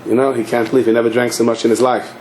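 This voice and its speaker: A rabbi tells a story in a sermon at a fast clip and throws himself into every scene. His speech rings in an echoey hall, and a faint hiss sits behind it. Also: medium pitch. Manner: animated, acting out the story.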